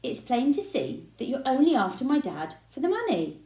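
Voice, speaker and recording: A fed-up young boy blurts out indignant lines, as a woman reading a storybook voices him. The voice climbs and dips a lot and sounds soft and mellow, with the echo of a roomy space around it. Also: high-pitched, huge pitch swings, moderate pace, voice pushed up. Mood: defiant. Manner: loud, indignant outbursts. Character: angry fed-up twelve-year-old boy.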